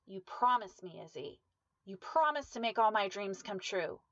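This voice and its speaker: A woman's voice: medium pitch, expressive, normal speed, fairly bright tone, no echo, muffled recording, lightly acted. A woman voicing a menacing, possessive man who taunts in a mock-sweet way. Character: menacing, possessive man, cooing then angry.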